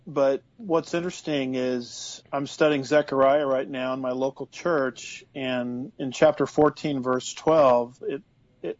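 A man's voice: medium pitch, no echo. A man speaking as a guest Bible teacher in a broadcast discussion, earnest and explanatory, often saying "you know". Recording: dry, slightly dull lo-fi sound.

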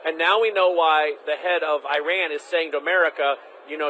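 Fast-talking man hosting an interview. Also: on the high side, steady tone, sharp tone, a little hiss or hum, rough recording. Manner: rapid, insistent, repeats key phrases for emphasis. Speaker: interview host. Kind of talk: political interview.

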